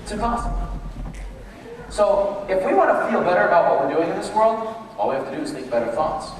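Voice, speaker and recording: A man's voice: sits high, brisk, slight background noise. A man giving an emphatic live motivational talk in a large hall. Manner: animated, emphatic storytelling. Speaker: motivational speaker. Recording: echoey hall, distant mic.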